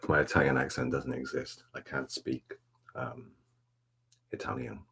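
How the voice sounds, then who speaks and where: A very deep, gravelly man chatting softly on an ASMR live stream. He rambles in a laid-back, self-mocking way, answering the chat. His voice is husky. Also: a little slow. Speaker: ASMR livestream host.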